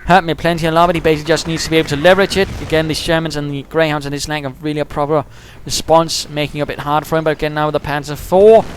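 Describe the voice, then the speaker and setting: Man, game commentator, high voice, chatty play-by-play. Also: very fast, few pauses, slight background noise. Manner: chatty, gets excited and high-pitched at big moments.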